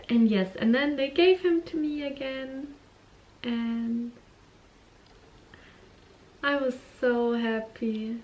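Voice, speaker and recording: A woman's voice: high voice, very slow, long pauses, darkish tone. A young woman vlogger telling a personal story in a candid, chatty way, often laughing and acting out what people said. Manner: candid, giggly, acts out quotes. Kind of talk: casual storytelling vlog.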